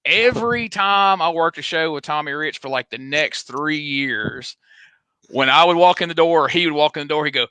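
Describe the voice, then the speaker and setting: A man, a podcast host and wrestler telling a story in casual, animated talk. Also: a little high, clear, resonant tone, dry recording. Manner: animated and quick, acts out voices.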